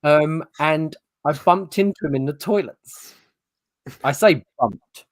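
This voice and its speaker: A man's voice: fairly high pitch, slow, no echo. Man, English, podcast co-host, chatty storyteller, swears freely, dry room. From England. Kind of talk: casual chat. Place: podcast setup. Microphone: podcast mic.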